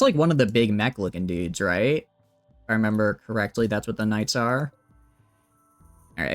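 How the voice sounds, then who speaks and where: A man streaming a game, chatting casually and thinking aloud as he plays. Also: mid-range voice. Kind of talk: casual gameplay commentary.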